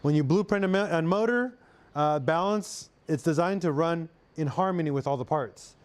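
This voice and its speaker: A man's voice: on the high side, moderate pace, smooth. A young man from Arkansas with a Southern US accent, chatting casually as a mechanic on a live stream and answering viewers. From Arkansas, USA. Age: young adult. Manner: loose, chatty, answers chat, drawling "y'all".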